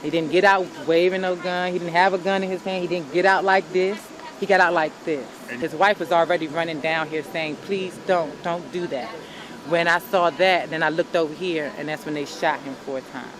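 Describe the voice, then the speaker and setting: A woman's voice: on the low side, steady tone, moderate pace, low-quality recording. A woman eyewitness speaking in a news interview outdoors, insistently retelling what she saw. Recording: news clip with crowd noise. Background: crowd noise.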